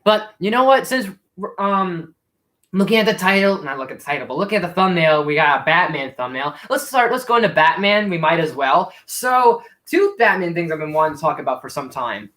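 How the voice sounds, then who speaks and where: A man's voice: on the high side, very animated, a little fast, sharp tone. A man hosting a casual live Q&A stream, rambling and self-deprecating with frequent restarts. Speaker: YouTube host.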